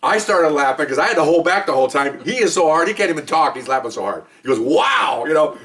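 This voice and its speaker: Animated, fast-talking man telling stories. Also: fairly high pitch, far from the mic. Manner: animated, acts out both sides of phone calls, laughs often. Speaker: podcast co-host, retired cop. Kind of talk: casual storytelling.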